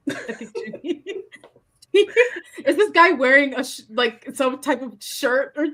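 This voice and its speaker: A woman player in a tabletop game, giggly and animated as she describes her character. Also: high-pitched, slow. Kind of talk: casual tabletop play.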